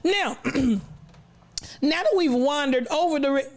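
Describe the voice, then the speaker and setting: A woman with a high voice hosts a casual livestream at a measured pace, greeting chat viewers with a playful, preacher-like cadence and frequent laughter. Her voice is a little worn as she recovers from recently losing it, and she coughs.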